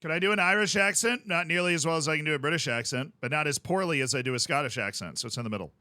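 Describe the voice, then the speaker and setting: Bright, chatty streamer man. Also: fairly high pitch, very fast, no echo, studio quality. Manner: rambling, chatty, with frequent restarts. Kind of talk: casual livestream chat.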